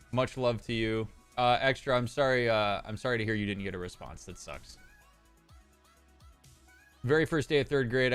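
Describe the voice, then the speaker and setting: A man's voice: lowish voice, clean tone. A man, a therapist chatting casually on a live stream, reading out chat messages and joking with viewers. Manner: joking, reads chat messages aloud and replies.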